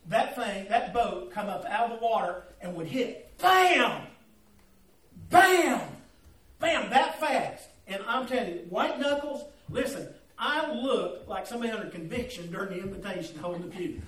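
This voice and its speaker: A man's voice: high-pitched, normal speed, fairly bright tone, distant mic. A man preaching, telling a folksy, humorous story and calling on listeners by name. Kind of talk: storytelling sermon. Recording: echoey room, voice off-mic.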